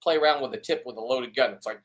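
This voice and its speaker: A man's voice: mid-range voice, quick pace. A man chatting casually as a fisherman hosting a live stream, rambling and blunt, with stammered restarts and swearing.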